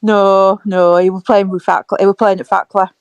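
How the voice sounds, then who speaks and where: A woman co-hosting a casual football fan podcast, chatty and quick to giggle. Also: medium pitch, level tone, clean tone, no room sound, lo-fi sound. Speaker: podcast co-host.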